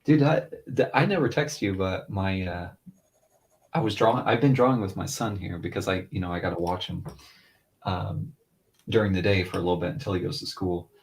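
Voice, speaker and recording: A man's voice: low voice, a little fast, gravelly. A man in his thirties, a father telling a long story in casual chat, rambling and chatty, lifting his voice when he quotes others. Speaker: podcast co-host, father.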